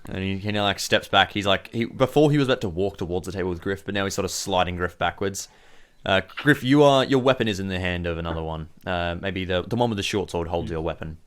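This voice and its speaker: A man's voice: deep voice, quick pace, fairly bright tone. A man with an Australian accent narrating as game master, with frequent ums and restarts.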